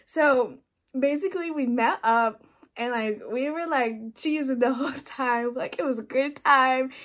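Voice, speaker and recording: A woman's voice: sits high, unhurried, fairly bright tone. A young woman telling a story on her vlog in a chatty, casual way, laughing often and saying "like" a lot. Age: young adult. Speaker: vlogger.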